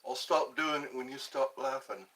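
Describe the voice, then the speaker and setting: A middle-aged man from the United States hosting a casual livestream, slowly rambling and reading out viewer comments. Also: mid-range voice, noisy background. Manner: slow, rambling, chatty. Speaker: livestream host.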